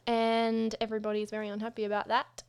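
A woman's voice: a little high, completely flat delivery, fast talker, smooth. An Australian woman co-hosting a casual podcast, playful and easygoing, laughing as she chats. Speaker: podcast co-host.

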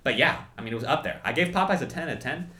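Very fast and sharp-toned, a young male co-host of a casual food review rambles on with many fillers and restarts, laughing at his own remarks. He has a medium pitch and lively intonation, and the recording is reverberant.

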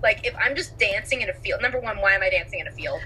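A woman's voice: medium pitch, expressive, fast, bright, forceful tone, slight background noise, rough recording. A young woman co-hosting a casual chat, talkative and giggly, acting out quotes from films as she talks. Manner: chatty, giggly, acts out quotes. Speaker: podcast co-host.

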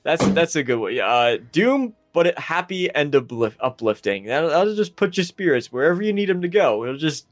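A man of Italian background co-hosting a gaming podcast, chatting casually and riffing playfully like a pitch man. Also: big pitch swings, moderate pace, hardly any pauses, noisy background. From Italy. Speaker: podcast co-host. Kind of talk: casual chat.

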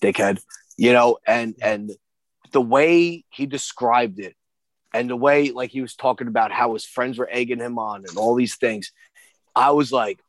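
A man's voice: medium pitch, normal speed, dry recording. A man co-hosting a casual film podcast, rambling with stammered repeats and casual swearing. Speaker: podcast co-host.

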